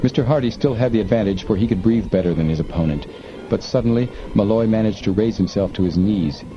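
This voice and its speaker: A man narrating an audiobook in a measured, steady manner. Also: on the low side, lo-fi sound, music in the background. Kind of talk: scripted narration.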